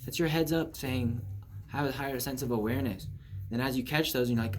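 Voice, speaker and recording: A man's voice: medium pitch, brisk, slight background noise. A young man giving a loose, casual spiritual talk full of fillers, acting out little inner dialogues. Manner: loose, filler-heavy, acts out inner voices. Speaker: spiritual channel host.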